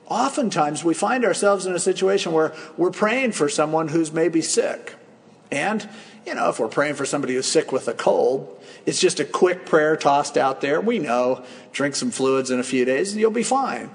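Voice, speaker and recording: A man delivers a sermon as a pastor, telling stories in a relaxed, conversational way and acting out the lines he quotes. His voice sits a little high and has a gravelly edge. Long reverb from a large hall trails after each phrase. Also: normal speed. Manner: conversational storytelling with acted-out quotes.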